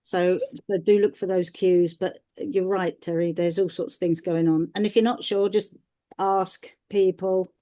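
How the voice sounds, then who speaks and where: A woman hosting a casual podcast chat, quick and chatty as she puts questions to her co-host. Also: on the low side, steady tone, warm tone.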